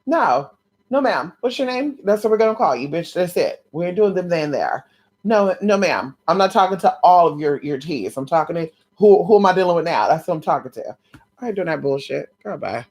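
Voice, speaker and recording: A woman records a casual vlog at home late at night. Her voice sits a little low for a woman. She talks to her viewers in a sassy, blunt and teasing way. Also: animated, fairly quick, darkish tone, husky. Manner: sassy, blunt and playful, calls viewers honey and sis. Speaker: vlogger.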